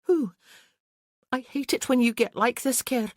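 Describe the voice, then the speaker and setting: A narrator voicing a frightened young Highland woman, upset and pleading in a raised voice. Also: unhurried, a little mellow, dry recording, clean studio sound, natural voice.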